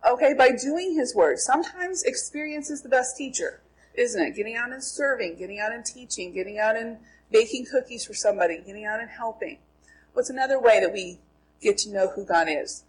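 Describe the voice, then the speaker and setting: Middle-aged woman Bible teacher, slightly high and husky, asks questions and answers them herself. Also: expressive, fairly quick, low-quality recording. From Minnesota, USA. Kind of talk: Bible lesson to a group.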